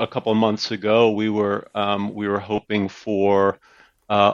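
A man's voice: lowish voice, no echo, lo-fi sound. A man who leads a theater, answering radio interview questions in a hesitant, rambling way, full of fillers and repeats. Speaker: theater director guest.

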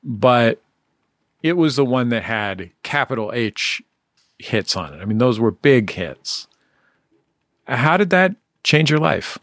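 Male host, mid-pitched, eager, dry close mic. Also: very animated, slow, pauses often, a bit bright, no echo. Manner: enthusiastic, hums out the music. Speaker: radio host. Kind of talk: interview hosting.

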